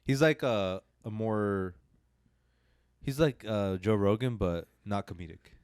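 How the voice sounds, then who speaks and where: A podcast co-host chats casually, rambling through a long retelling with frequent restarts. His voice is lowish, slow-paced, and darkish yet clean. The recording is dry with clean studio sound.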